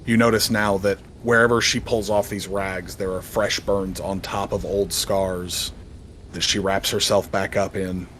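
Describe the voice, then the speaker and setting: Low-voiced male game master, slow narration, some faint noise behind. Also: level tone, a bit bright. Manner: slow, descriptive storytelling. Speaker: dungeon master.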